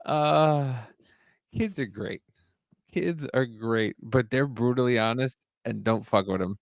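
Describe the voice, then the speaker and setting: Man co-host, blunt and casual, raspy fry, dry close sound. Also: medium pitch, takes it slowly, no echo. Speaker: podcast co-host. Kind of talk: casual chat.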